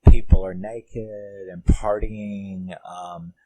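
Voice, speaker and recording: Low-voiced male reviewer, mellow, rambling, swears. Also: little pitch movement, very slow, low-quality recording. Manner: rambling, emotional, swears, many fillers. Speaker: film reviewer. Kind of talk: casual film recap.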